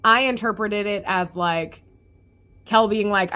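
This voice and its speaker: A woman's voice: medium pitch, takes it slowly, pushed and bright. A young woman chatting through a comic chapter review, laughing often and slipping into the characters' voices. Her talk is loose and rambling, full of fillers. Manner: giggly, chatty, acts out characters' lines. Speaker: webcomic reviewer.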